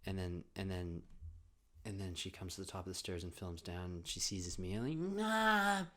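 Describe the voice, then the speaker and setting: A man hosting his podcast, telling comedic stories casually, animated, often swearing. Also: deep voice, fairly quick. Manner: animated, swearing, acts out voices in quotes. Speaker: podcast host.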